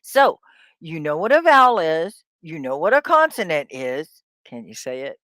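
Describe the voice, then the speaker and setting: A woman teaching an English lesson on a live stream, drilling words slowly and cheering on her students. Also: low-pitched, sing-song, a bit bright, no echo, studio quality. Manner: slow, drawn-out word drills; upbeat, encouraging. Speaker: ESL teacher.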